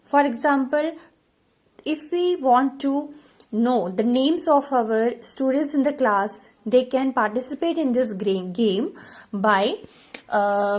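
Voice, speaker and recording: Slow-paced woman teacher. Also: on the high side, darkish tone. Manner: slow, repetitive explaining with many fillers. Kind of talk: classroom teaching demonstration.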